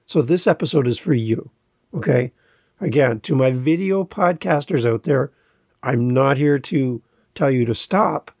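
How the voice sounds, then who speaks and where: A man's voice: medium pitch, animated, measured pace, vocal fry, a little mellow, dry recording, studio quality. A man hosting his own podcast, talking casually and emphatically, repeating key words for stress. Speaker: podcast host. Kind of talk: casual solo podcast talk.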